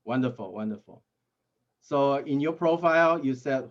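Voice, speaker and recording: Guy hosting a speech contest on a video call, jokey, trips over words, kinda muffled sound. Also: medium pitch. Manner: jokey, halting with restarts. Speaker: contest toastmaster interviewing contestants. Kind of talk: friendly interview banter.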